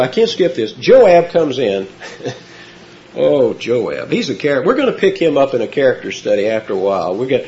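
A man preaches an expository sermon and tells the story with animation, acting out the quotes as he goes. His voice sits a bit high and swings widely in pitch. The recording is dull and lo-fi. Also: darkish tone.

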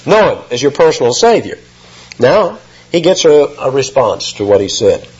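A man's voice: mid-range voice, sing-song, moderate pace, a little mellow, breathy edge. A man preaching an expository sermon, emphatic and rising sharply when he quotes. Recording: muffled lo-fi sermon recording.

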